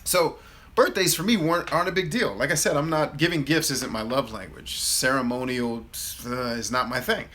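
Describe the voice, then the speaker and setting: Man, thirties, casual storytelling, animated, bright voice. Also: mid-range voice, moderate pace. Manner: animated, acts out his own replies in a louder voice. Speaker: host of a live Q&A.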